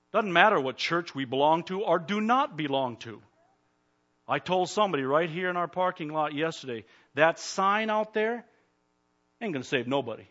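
A man preaching a sermon as pastor, fervent, swinging between loud urging and quiet pleading. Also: on the high side, highs cut off. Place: church.

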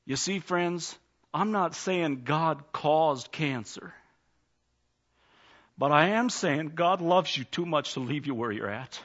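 A man's voice: a little high, expressive, slow, a bit bright. A man, a pastor, preaching a sermon in a church, plainspoken and folksy, telling a story before a rising altar call. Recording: slightly dull lo-fi sound.

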